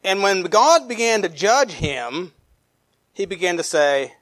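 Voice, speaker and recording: A man preaching a sermon in a fairly high voice. He reads scripture aloud with fillers and restarts, climbs into emphatic stretches, then sinks to low, trailing drops. The sound is dry and close. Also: very animated, unhurried, a bit bright, no room sound. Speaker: pastor.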